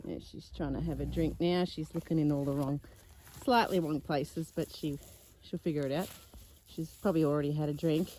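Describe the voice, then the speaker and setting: A woman's voice: deep voice, normal speed, a little mellow, slight background noise. A woman, a flower farmer, chatting casually to camera as she walks outdoors through a paddock, thinking aloud and rambling. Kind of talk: casual vlog narration.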